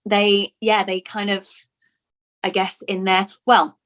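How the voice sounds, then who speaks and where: An English actress from Lincoln chats through an interview at an ordinary, middling pitch. She talks in quick bursts, restarting and repeating words as her thoughts catch up. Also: little pitch movement, fairly bright tone. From Lincoln, England. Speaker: actor being interviewed. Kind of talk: casual interview chat.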